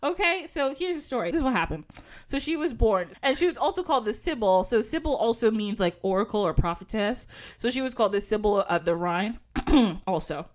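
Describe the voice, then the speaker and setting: A young woman hosts a casual podcast. Her voice sits a little high, and she giggles through her stories and plays the people she quotes in lively put-on voices. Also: a little fast. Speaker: podcast host. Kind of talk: casual chat.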